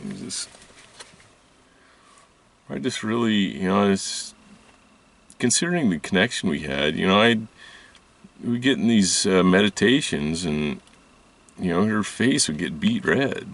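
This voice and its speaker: Man, very low gravelly voice, rambling personal storytelling host, recorded from a distance. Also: lively intonation, fairly bright tone. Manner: halting, rambling, many restarts and fillers. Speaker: spiritual video host. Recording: voice distant from the mic.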